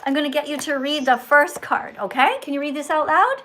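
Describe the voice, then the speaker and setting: A woman's voice: high voice, a little fast, bright, forceful tone, a little hiss or hum. A woman hosting a live stream in a schoolteacher tone, correcting and praising viewers with emphatic delivery. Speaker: livestream host.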